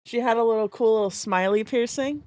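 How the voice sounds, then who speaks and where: A woman's voice: a little high, fast talker, a little mellow, no echo. Easygoing young woman podcast co-host. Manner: easygoing, agreeable, joking, many short affirmations. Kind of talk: casual chat.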